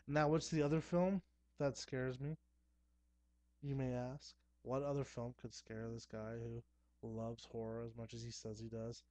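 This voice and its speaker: A young man talking casually to camera at home, chatty and excitable, with playful asides. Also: medium pitch, no echo. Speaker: horror movie vlogger. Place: dim room at home.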